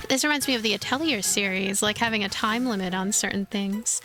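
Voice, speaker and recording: A woman's voice: mid-range voice, brisk, hardly any pauses, sharp tone, faint music behind. A woman hosting a game let's play, chatty and giggly, in casual commentary. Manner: chatty and giggly, many likes.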